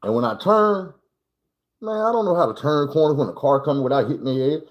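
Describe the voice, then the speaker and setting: A man's voice: a little high, expressive, fairly quick, highs cut off. A man telling a rambling, slangy personal story on a livestream, full of swearing and acted-out moments.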